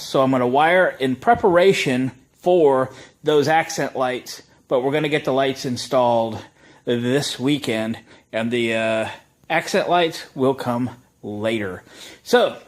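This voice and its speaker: A man, talking casually and with strong opinions as he walks through a wiring job in his workshop. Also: medium pitch. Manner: relaxed, chatty, opinionated, with many uh fillers. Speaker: shop owner and video host. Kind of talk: casual how-to vlog.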